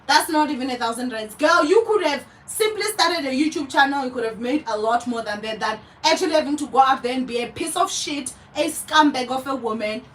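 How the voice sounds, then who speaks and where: South African woman, young vlogger, very high, sharp voice, furious profane rant, mic a bit distant. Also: fairly quick, few pauses. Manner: heated, profane, repeats herself for emphasis. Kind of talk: angry commentary rant.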